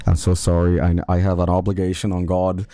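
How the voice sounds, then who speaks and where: A man's voice: deep voice, monotone, fairly quick, mellow. A man giving casual stream commentary in a profane, jokey and self-mocking way.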